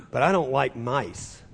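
A man preaching a sermon as pastor, emphatic, building to loud declarations and leading listeners to repeat after him. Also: mid-range voice, lively intonation, slow, gravelly, breathy edge. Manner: leads listeners in call-and-repeat confessions. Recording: long reverb of a large hall.

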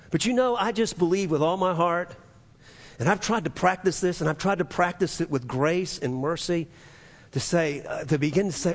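Male pastor, high voice, earnest sermon delivery with restarts, church hall reverb. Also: expressive, normal speed, long pauses. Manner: earnest, repetitive preaching with many restarts.

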